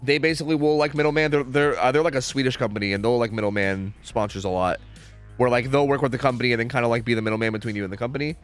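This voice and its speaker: A man's voice: medium pitch, fairly even intonation, rapid-fire, faint music behind. A young man streaming, chatting casually with viewers in a rambling, profane, sarcastic way.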